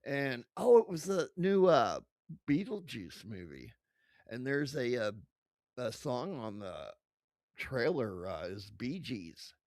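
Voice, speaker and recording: A man's voice: medium pitch, very animated, slow, a little mellow, dry recording, studio quality. A man streaming live, chatting casually with profane, rambling asides at his desk microphone.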